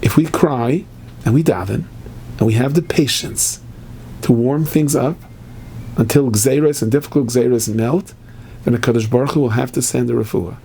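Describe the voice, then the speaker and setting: Older male preacher, gravelly, impassioned sermon and psalm reading, sudden high emphasis. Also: normal speed, warm tone, slight background noise. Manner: impassioned, with sudden rises in pitch. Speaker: speaker at a prayer gathering.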